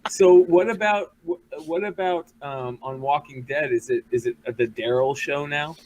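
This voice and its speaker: A man's voice: a little high, measured pace, darkish tone, rough recording. A man co-hosting a podcast in casual chat, swearing freely and talking loosely. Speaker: podcast co-host.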